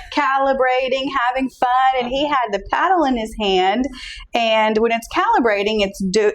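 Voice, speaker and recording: A woman who is a guest on a podcast, telling a story in an easygoing, relaxed way. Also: medium pitch. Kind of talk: casual podcast chat.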